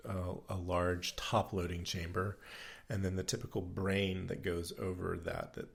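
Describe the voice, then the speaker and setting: Gravelly, husky low-voiced man. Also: level tone, unhurried. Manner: rambling, many fillers and restarts. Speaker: podcast co-host. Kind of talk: casual chat.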